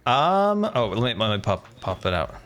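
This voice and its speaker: Playful, animated streamer man. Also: medium pitch, normal speed. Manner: playful and teasing, counts aloud, repeats himself. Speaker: streamer host. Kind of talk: casual stream chat.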